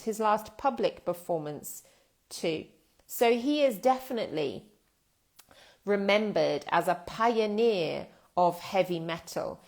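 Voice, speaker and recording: A British woman teaching English in a live online lesson, speaking in a thoughtful, explanatory way with pauses and fillers. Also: medium pitch.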